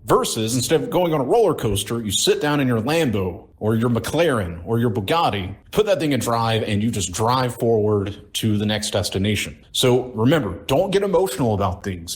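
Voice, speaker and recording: A man's voice: mid-range voice, lively intonation, normal speed, hardly any pauses. Emphatic man telling motivational stories. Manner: emphatic, repetitive, direct address to listener. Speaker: former team member telling stories. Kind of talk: motivational storytelling.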